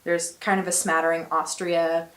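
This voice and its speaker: A woman's voice: on the low side, little pitch movement, fairly bright tone, reverberant. Chatty young American woman vlogging. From United States. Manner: chatty and upbeat, with quick laughs. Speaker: exchange student vlogger. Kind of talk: casual vlog chat. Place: small attic bedroom with slanted ceiling and beams.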